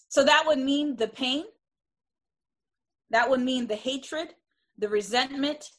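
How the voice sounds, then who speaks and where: A woman delivers a lecture in a slightly high voice, earnest and emphatic. She often restarts her phrases and checks in with her listeners as she explains. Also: fairly bright tone. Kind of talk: classroom lecture.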